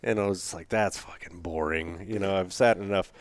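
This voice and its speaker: Low-voiced laid-back man, dry close sound. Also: fairly quick, no room sound. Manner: laid-back storyteller, swears casually. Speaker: guest, company partner. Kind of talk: casual podcast conversation.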